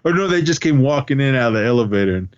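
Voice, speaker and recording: This co-host races through his podcast recaps of movie scenes, laughing frequently and acting out dialogue with animation. His mid-range voice is clear and resonant, though the highs are cut off.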